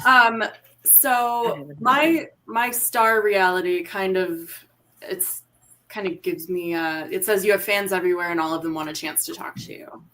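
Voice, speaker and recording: A woman's voice: on the low side, measured pace, bright, forceful tone. A woman playing a tabletop game, politely and tentatively explaining what her character does. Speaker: player. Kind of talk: tabletop role-play chat.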